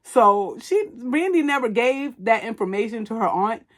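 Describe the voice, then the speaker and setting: A woman hosting a podcast, recapping a movie in animated, casual storytelling full of slang and profanity. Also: on the high side, moderate pace. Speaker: podcast host.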